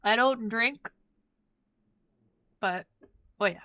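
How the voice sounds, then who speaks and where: A woman's voice: on the high side, extremely slow, pushed and bright, no room sound. Woman streamer, casual gaming chatter, chats with viewers, dry close sound, slightly dull mic. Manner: chatty, talks to her pet and her chat. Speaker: game streamer. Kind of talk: casual gameplay stream commentary.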